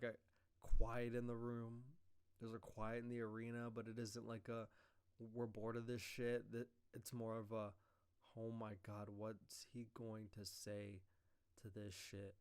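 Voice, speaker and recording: A man's voice: lowish voice, smooth. A man casually recapping a wrestling show, rambling, swearing and acting out quoted lines. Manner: rambling, profane, animated retelling with quoted lines.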